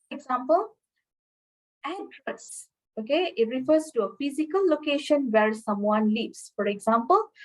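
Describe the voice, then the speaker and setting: A woman's voice: on the high side, darkish tone, poor audio. Woman teaching, filling with okay and all right. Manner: frequent fillers and tag checks like okay and all right. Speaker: English lecturer. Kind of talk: webinar lesson.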